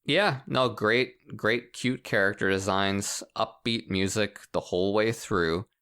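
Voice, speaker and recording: A man co-hosting a casual podcast, explaining a game in an animated way and laughing often. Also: on the low side, a little slow, clean tone. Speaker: podcast co-host. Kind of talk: casual chat about video games.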